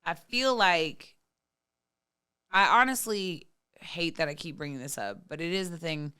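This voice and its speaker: A woman's voice: lowish voice, a little slow, bright, forceful tone, smooth, no echo, clean studio sound. A woman in her thirties talking candidly and profanely as a podcast guest, full of "like" fillers. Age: 30s. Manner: frank, profane, many "like" fillers. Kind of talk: candid casual chat.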